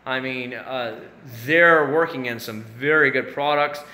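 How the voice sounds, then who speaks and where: In an echoey room with faint noise in the background, a thirty-something Central Florida man chats with viewers on a casual YouTube live stream, rambling and often restarting and using fillers. He talks a little slowly in a mid-range, pushed, bright voice.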